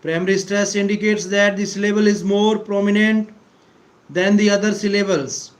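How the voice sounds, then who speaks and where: A man giving a deliberate English pronunciation lesson, repeating key words for emphasis and clearing his throat often. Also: high voice, fairly even intonation, poor audio. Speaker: English teacher. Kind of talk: slow explanatory lecture.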